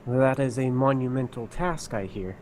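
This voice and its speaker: A man's voice: mid-range voice, moderate pace, darkish tone, a little hiss or hum, low-quality recording. Formal-sounding man role-playing a character. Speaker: player. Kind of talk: in-character role-play at a tabletop game.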